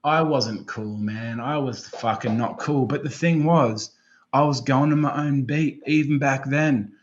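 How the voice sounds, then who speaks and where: A man, a podcast guest in casual chat, who swears constantly and rambles excitedly from one thought to the next. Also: medium pitch, measured pace, slight background noise. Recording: slightly dull lo-fi sound.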